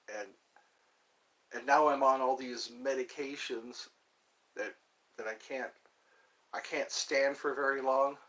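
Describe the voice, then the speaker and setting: Rambling male streamer, bright tone, wry and self-mocking, mid-pitched. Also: poor audio. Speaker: livestreamer. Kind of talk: casual livestream monologue.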